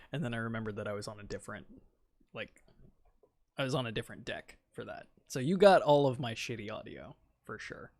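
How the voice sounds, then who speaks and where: Man, game streamer, gravelly voice, insistent rant, mid pitch. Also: dry recording. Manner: ranting, insistent, trails off quietly. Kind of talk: casual game stream chat.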